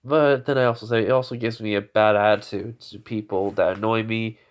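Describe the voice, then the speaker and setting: A man improvising a fan story, rambling and halting with many fillers, on a dull lo-fi recording. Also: lowish voice, fairly even intonation.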